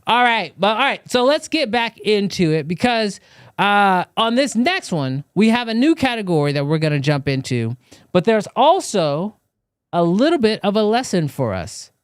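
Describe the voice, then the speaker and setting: A man's voice: sits high, big pitch swings, normal speed, clear, resonant tone, dry recording, clean studio sound. A man hosting a live show, talking loosely and chatting straight to his viewers. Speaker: show host. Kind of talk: casual live-stream chat.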